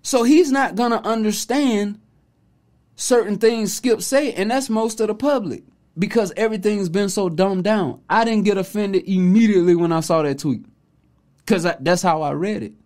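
A man's voice: high voice, moderate pace, darkish tone. A man hosting a podcast, delivering an opinionated commentary monologue in casual slang, mocking and preachy. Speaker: podcast host.

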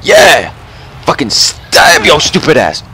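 A young man giving loud, profane let's play commentary, yelling and swearing at the game. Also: a little high, huge pitch swings, slow pace, slight background noise. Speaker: gameplay commentator.

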